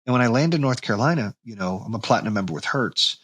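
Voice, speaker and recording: A husky, medium-pitched man in his forties hosts a podcast, talking fast through a blunt motivational monologue. He swears casually and gets animated when reenacting anger. The recording has no echo.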